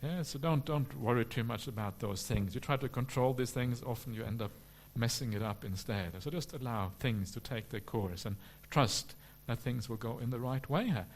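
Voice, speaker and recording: A man, a Buddhist monk, answering questions at a retreat in a relaxed, humorous way with many "uh" fillers. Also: medium pitch, moderate pace, few pauses, a little hiss or hum. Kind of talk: dharma talk question and answer.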